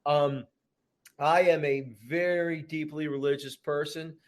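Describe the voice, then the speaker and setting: A man's voice: a little high, fairly even intonation, a little slow. A middle-aged man talking earnestly as a podcast guest, repeating his phrases and tagging thoughts with "man". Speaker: guest actor. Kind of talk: casual podcast interview.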